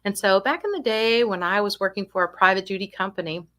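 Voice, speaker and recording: A woman's voice: medium pitch, quick pace, a bit bright. A woman with an ordinary mid-range voice gives a talk to family caregivers about dementia care. She tells stories in a chatty, down-to-earth way and keeps tossing rhetorical questions to her listeners.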